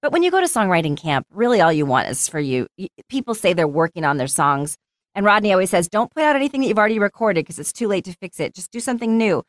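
An American singer-songwriter and voice actress chats casually as an interview guest, an animated storyteller who acts out what others said. Her medium-pitched voice moves at a quick pace, recorded with clean studio sound and no echo.

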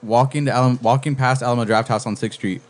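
A young man talks quickly on a podcast, spinning a profane story with lots of energy. He drops into other people's voices to act out what they said, then jumps straight back into his own. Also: mid-range voice. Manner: profane, animated storyteller acting out quotes. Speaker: podcast co-host. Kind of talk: casual storytelling. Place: podcast studio.

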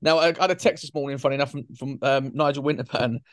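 A man's voice: mid-range voice, steady tone, quick pace, dry recording, studio quality. A man hosting a podcast, chatting and joking about football. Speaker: podcast host. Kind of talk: casual football chat.

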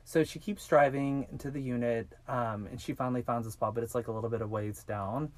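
A man hosting a podcast, telling a true-crime story in a casual, animated way and swearing freely. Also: mid-range voice, brisk. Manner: animated, swearing, acts out quoted voices. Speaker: podcast host.

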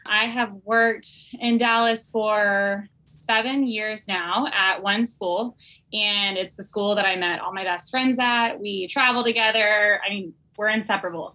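A woman's voice: medium pitch, pushed and bright, rough recording. A young adult woman, a teacher, telling her story on a podcast in a candid, earnest way. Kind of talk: casual podcast conversation.

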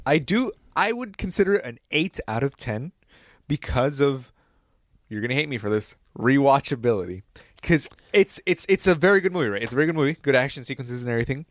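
A man's voice: medium pitch, expressive, brisk, dry recording, clean studio sound. A young man hosting a casual film-review chat, rambling, swearing freely and acting out scenes.

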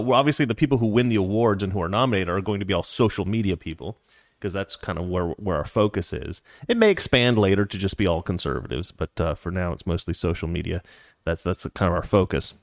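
A man's voice: lowish voice, no room sound, studio quality. A man hosting a casual livestream from home, rambling and repeating himself as he reads out viewer comments. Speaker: livestream host.

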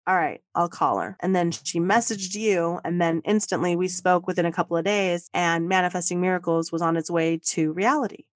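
Woman guest rattling off a story super quick, dry close sound, mid pitch. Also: no echo. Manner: fast, animated, spiritual-minded anecdotes. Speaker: podcast guest. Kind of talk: casual storytelling.

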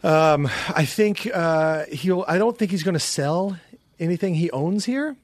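A man co-hosting a podcast, chatting casually and telling stories with animated, playful delivery. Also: a little high, a little slow, dry recording. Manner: animated storyteller, does silly voices. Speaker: podcast co-host. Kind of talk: casual chat.

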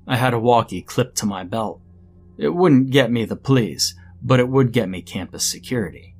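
A man's voice: medium pitch, animated, moderate pace, a little mellow. A man narrating a scripted first-person horror story in a dramatic storytelling manner.

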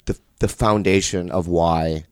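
Low-voiced man, halting and earnest. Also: fairly even intonation, clear, resonant tone, dry recording, clean studio sound. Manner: earnest, halting confessional storytelling. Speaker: stand-up comedian. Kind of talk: casual podcast chat.

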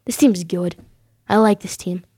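A woman's voice: on the low side, normal speed, mellow, breathy edge, no room sound, clean studio sound. A woman hosting a sports vlog, giving her predictions in an emphatic, insistent way and backing them up with short repeated affirmations.

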